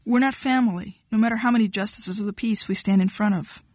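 A cold, blunt young woman with a sharp, dismissive edge to her words, as a woman reads her. It is a dry, close recording with no room sound. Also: medium pitch, quick pace, no echo, close to an everyday voice.

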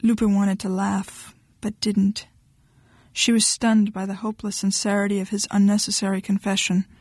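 A woman reading a novel aloud as narrator, in a steady storytelling manner. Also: medium pitch, normal speed, no echo, clean studio sound. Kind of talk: audiobook narration.

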